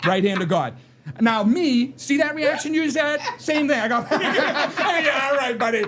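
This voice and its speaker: A man, telling a work story in an animated, casual way and tagging his lines with "right?". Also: very high voice, normal speed, background noise. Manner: animated, tags lines with "right?" and "you know what I mean?". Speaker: podcast guest.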